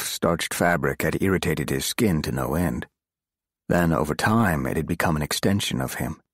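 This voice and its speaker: A man narrating a thriller audiobook in a measured, dramatic reading. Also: low-pitched, no echo, clean studio sound. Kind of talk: scripted narration.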